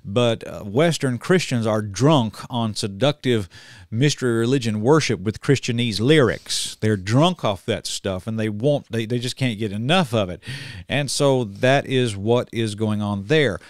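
A man's voice: medium pitch, unhurried, no echo, studio quality. A man giving casual, blunt commentary in a folksy way, full of restarts and fillers. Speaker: online preacher and commentator. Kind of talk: casual commentary reading news aloud.

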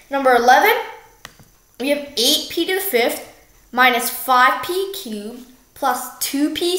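Young female tutor with a high voice and a relaxed, self-correcting delivery, recorded in a reverberant room. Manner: slow, self-correcting, jokey. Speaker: math tutor. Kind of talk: casual math walkthrough. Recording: echoey room.

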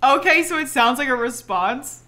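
A woman's voice: high-pitched, moderate pace. A young woman streaming a game from home, chatting casually and laughing often. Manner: giggly, excitable, laughs often. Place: home room.

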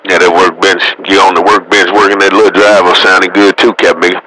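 A man's voice: low-pitched, level tone, a little fast, heavy background noise. A man talking casually over CB radio, laid-back and full of radio slang and cussing. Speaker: CB radio operator. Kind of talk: CB radio chatter.

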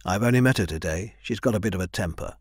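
A man voicing a friendly young male soldier who talks in a low, easygoing way. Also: fast talker, husky, dry recording, clean studio sound.

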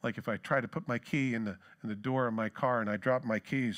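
A man's voice: medium pitch, quick pace, few pauses, a bit bright. A man preaching a sermon as pastor, talking in a loose, joking way and reading scripture aloud with building emphasis. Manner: conversational and joking, reads scripture with rising emphasis. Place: church sanctuary.

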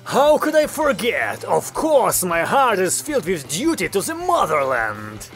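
An earnest, prim young woman with a lifted, lively voice, played by a male narrator. She sounds dutiful and a bit flustered, with faint music behind. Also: high-pitched, unhurried, full character voice.

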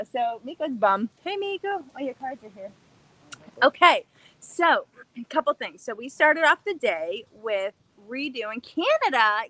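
A young woman hosting a casual craft-channel livestream from her backyard, bubbly and excited, chatting in a scattered, rambling way. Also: fairly high pitch, dry recording. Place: backyard, outdoors.

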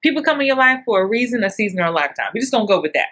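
Middle-aged woman, acting coach, lively chatty teaching voice that jumps high in acted-out bits. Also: very fast. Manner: animated, acts out little scenes with big jumps in pitch. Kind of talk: casual coaching talk.

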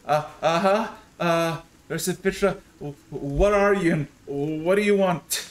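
A man's voice: a little high, unhurried, reverberant, close to an everyday voice. A man voicing a panicked young male elf gate guard who demands answers in a startled way, as game master in a tabletop game.

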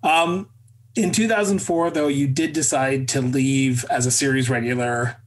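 A man hosting an interview, halting and restarting as he builds up his questions. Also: mid-range voice, steady tone. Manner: halting, stacks up "uh" and restarts before reading out facts. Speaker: interview host.

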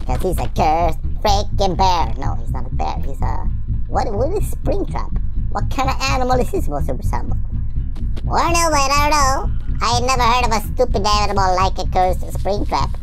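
Playful woman gamer with lively pitch. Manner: silly, playful, trash-talking the game character. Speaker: gaming YouTuber. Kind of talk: playthrough commentary. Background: game music.

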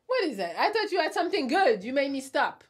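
A woman's voice: sits high, sing-song, quick pace. Woman, young adult, live-stream host, casual chat, blunt and teasing, laughs a lot. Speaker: host reading viewer comments.

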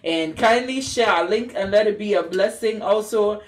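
A woman's voice: medium pitch, moderate pace. A woman hosting a live church radio talk show, affirming her guests and reading listener comments aloud. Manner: affirming, warm backchannels and reads comments aloud. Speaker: host.

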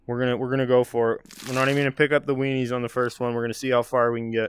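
A man's voice: medium pitch, steady tone, quick pace, few pauses, smooth, no room sound. A man casually commentating his own gameplay on a stream, chatty and self-mocking, swearing when things go wrong. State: has the hiccups.

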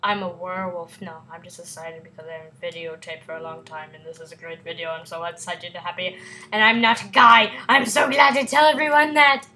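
A woman's voice: on the low side, a little fast, sharp tone, a little hiss or hum, low-quality recording. A woman hosting a casual gameplay video, giddy and goofy, giggling often. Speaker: game video host.

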